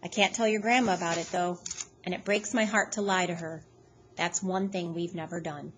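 A woman's voice: lowish voice, steady tone, moderate pace, a bit bright, a little hiss or hum, close to an everyday voice. A woman reading aloud, voicing a blunt, protective elderly grandfather who sounds worn out. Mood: weary.

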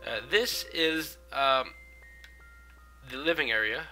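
A man's voice: mid-range voice, takes it slowly, bright, forceful tone, faint music behind. A young man with a stuffy nose from a cold, rambling through casual gameplay commentary with many fillers. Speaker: gaming video host.

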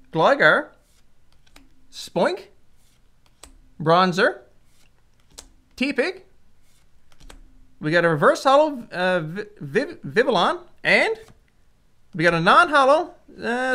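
Lively high-voiced woman. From Canada. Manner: excitable, reads card names aloud one by one. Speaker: channel host. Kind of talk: casual card-opening commentary.

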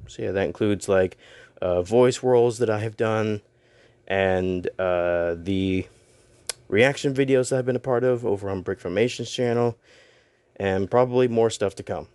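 Young male vlogger, low-pitched, dry close mic, rambling and self-deprecating. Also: moderate pace, a little mellow, clean tone, no room sound. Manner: rambling, self-deprecating, stumbles over words. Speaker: YouTuber and voice actor. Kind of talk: casual announcement vlog.

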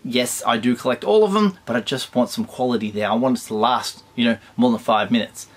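An Australian man hosts a toy collecting show in a relaxed, chatty way. His voice sits at an ordinary middle pitch, and he drifts from eager excitement to dry little jokes. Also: fairly quick, slightly rough. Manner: chatty, enthusiastic, wry asides. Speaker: toy collector channel host. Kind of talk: casual chat reviewing toy news.

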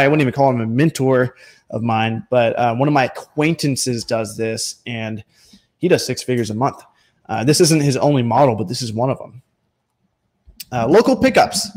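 Animated young man coaching casually. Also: medium pitch. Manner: energetic, joking, breaks into animated voices for quoted people. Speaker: online bookselling coach. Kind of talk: casual instructional talk to camera.

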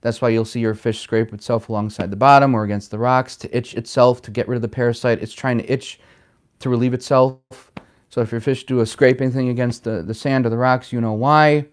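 Male livestream host, mid-pitched and smooth-toned, loose and chatty, reading out and answering the chat. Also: steady tone, fairly quick. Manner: rambling, chatty, reads out viewer comments. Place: home in Chicago.

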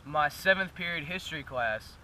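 A man's voice: a little high, expressive, moderate pace, bright, forceful tone, distant mic, low-quality recording. A teenage boy ranting bluntly and profanely with friends outdoors in a park. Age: teens. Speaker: vlog co-host. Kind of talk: casual chat among friends.

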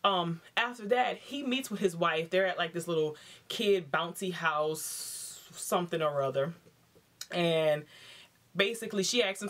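A woman giving a casual, slangy episode recap, animated and laughing as she acts out what people said. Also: fairly low pitch, a little slow. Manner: chatty, acts out quotes in raised voices. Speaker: TV show reviewer.

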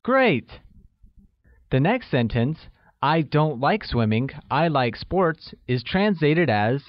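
A man reading a scripted language lesson, slowly spelling out each phrase for learners. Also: a little high, big pitch swings, no room sound. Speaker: language teacher. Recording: dull, lo-fi voice-over recording.

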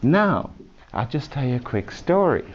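This man's mid-range voice has a sing-song quality and a measured pace as he teaches chess to a class of children, playfully asking them questions. The lesson comes from a muffled classroom video with faint hiss.

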